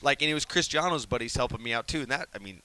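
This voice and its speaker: A man telling a story in a casual interview, animated and laughing, acting out quotes in hushed whispers. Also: medium pitch, very fast. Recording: faint hiss.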